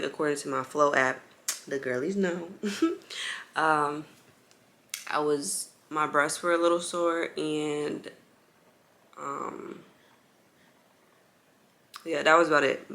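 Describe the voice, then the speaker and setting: A woman's voice: low-pitched, vocal fry, bright, forceful tone. A young woman telling her story to viewers in a chatty, casual way, full of "like" fillers and calling them y'all, while bouncing on an exercise ball at home with a baby. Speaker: vlogger.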